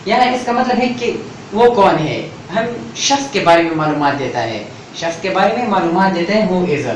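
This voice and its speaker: A man's voice: high voice, expressive, very fast. A Pakistani man teaching English grammar, switching into Urdu and repeating each point with "right?" and "you know". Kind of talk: bilingual grammar lesson. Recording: echoey room, mic far off, faint noise.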